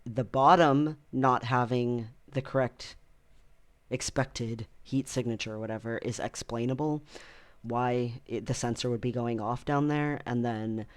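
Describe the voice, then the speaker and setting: A man's voice: medium pitch, fairly even intonation, unhurried. A man talking casually in a personal vlog, rambling with many ums and frequent laughs. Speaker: vlogger.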